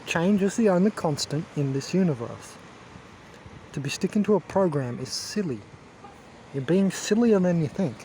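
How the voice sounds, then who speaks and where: A man's voice: high-pitched, lively intonation, normal speed, dark tone, a little hiss or hum. A man rambling to camera as a wellness vlogger, emphatic and self-assured, lecturing his viewers.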